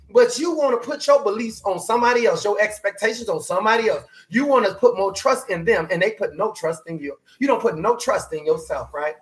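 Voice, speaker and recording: Fired-up preacher man, voice climbing high. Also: brisk, few pauses. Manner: voice climbs high when emphatic; animated, hollering preaching. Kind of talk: motivational sermon.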